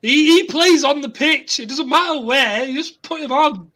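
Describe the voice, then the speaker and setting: A man with a high, bright voice on a casual football chat. He sounds playful and stubborn, teasing the others and digging in on his opinions. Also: moderate pace. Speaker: youth football coach and podcast panelist.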